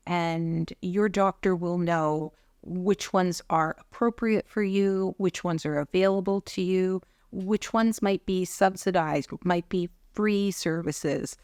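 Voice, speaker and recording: Woman, earnest vlog talk, lowish voice, close dry sound. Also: smooth, dry recording. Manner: earnest, candid, gently encouraging. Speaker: vlogger sharing concussion recovery. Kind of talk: personal reflective talk to camera.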